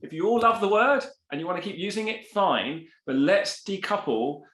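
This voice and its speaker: A man speaking as a guest scientist in a podcast interview, animated and quick with asides, acting out quoted voices as he explains. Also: high voice, roomy sound.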